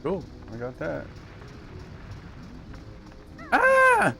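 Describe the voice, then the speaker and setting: A man's voice: mid-range voice, expressive, normal speed, a little hiss or hum. A man streaming a game, thinking aloud in casual, mumbled, unsure commentary as he plays. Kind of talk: casual commentary while playing.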